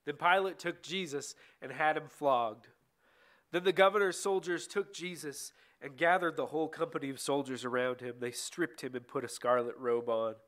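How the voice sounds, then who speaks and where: A man reads a bible passage aloud, steady and unhurried, now and then stumbling over a word and restarting. His voice sits a little on the high side. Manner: steady reading with occasional slips and restarts. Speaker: scripture reader.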